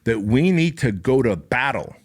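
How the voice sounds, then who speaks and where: A middle-aged man hosting a podcast, giving an intense, profane motivational monologue that climbs into fervent, near-shouted passages. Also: mid-range voice, sing-song, normal speed. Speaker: podcast host.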